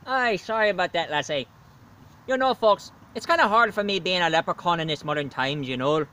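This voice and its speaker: Brief: cheeky leprechaun fella, put on by a man, Irish brogue, higher lilting voice, lively swoops, jolly and flirty. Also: a little fast, clean tone. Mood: chummy. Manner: jolly, chummy, drops laddie and aye. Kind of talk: storytelling character voice.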